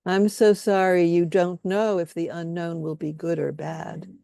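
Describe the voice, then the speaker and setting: Woman workshop leader, calm guided-healing delivery, dry close sound, lowish pitch. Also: vocal fry, dry recording. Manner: slow, soothing, leads repeated statements.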